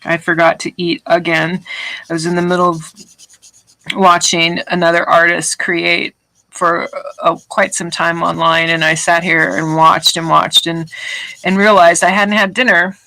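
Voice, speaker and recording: A woman streaming her artwork talks casually as she creates, rambling with an occasional swear. Her fairly low, sharp-toned voice barely moves in pitch and keeps a measured pace. The audio quality is poor.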